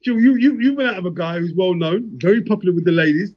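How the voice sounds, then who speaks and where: A man's voice: sits high, expressive, quick pace, breathy edge. A man hosting a casual group discussion on a video call, asking blunt, teasing questions with many restarts. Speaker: host. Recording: muffled lo-fi video call audio.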